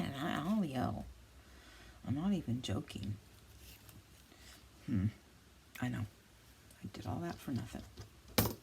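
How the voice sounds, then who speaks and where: A woman's voice: a bass voice, big pitch swings, a little slow, creaky, pauses often, a little mellow, a little hiss or hum. A woman hosting a casual crafting tutorial, chatting and thinking aloud, muttering to herself as she works. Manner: chatty, mutters and scolds herself while working. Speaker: crafting channel host.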